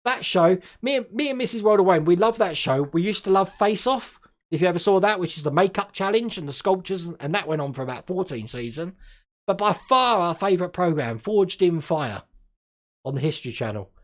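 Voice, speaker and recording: A man's voice: high voice, animated, fairly quick. A man from Australia hosting a casual live stream, chatting and laughing often and tripping over his words now and then.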